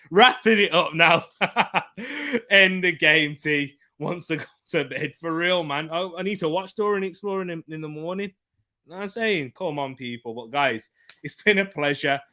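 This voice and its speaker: Excitable man with a bright voice. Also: medium pitch. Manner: excitable, laughs often, bursts into shouts at chances. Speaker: football watchalong host. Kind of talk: live football watchalong commentary.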